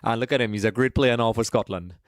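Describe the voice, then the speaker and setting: A man's voice: mid-range voice, quick pace, no echo, studio quality. A man from Trinidad, hosting a live watch-along stream in a casual, chatty way, greeting viewers by name and calling them folks.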